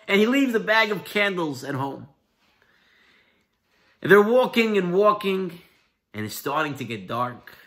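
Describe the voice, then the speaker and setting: A rabbi gives a lively Torah class and tells a parable along the way. His voice is high and bright. He leans hard on key words, then drops to a soft hush. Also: a little slow, long pauses. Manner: animated, emphatic, shifts between loud and soft.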